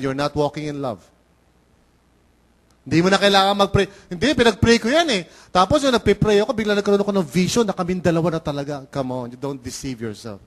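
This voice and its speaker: A middle-aged man with a Filipino accent, preaching a conversational sermon as pastor and acting out the voices he quotes. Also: high voice. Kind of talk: bilingual sermon.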